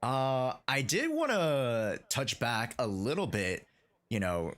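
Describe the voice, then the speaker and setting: A man's voice: medium pitch, big pitch swings, slow, a bit bright. A man hosting a casual interview, easygoing, with frequent fillers and backchannel replies. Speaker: interview host.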